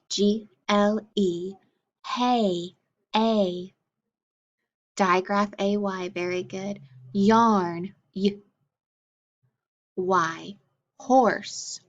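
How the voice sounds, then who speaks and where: A woman teaching a phonics drill, calling out letters and sounds patiently and clearly and praising her students. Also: medium pitch. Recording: dull lo-fi recording.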